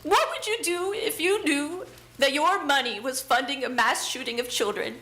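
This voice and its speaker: A woman's voice: high-pitched, normal speed, pushed and bright. A woman giving an earnest, emotional public comment at a city council meeting, with hesitant fillers. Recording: echoey council chamber.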